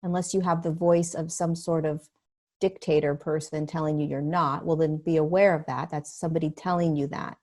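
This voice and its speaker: A middle-aged woman talking as a podcast guest, earnest and animated, acting out the voices of other people. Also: deep voice, moderate pace. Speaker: podcast guest, spiritual teacher. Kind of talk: conversational interview.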